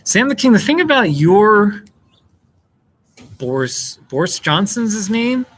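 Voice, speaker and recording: In a rough recording, a man from the United States speaks slowly in a high-pitched voice that swings widely in pitch. He's hosting a relaxed live stream indoors at a table, reacting to comments from viewers and laughing frequently.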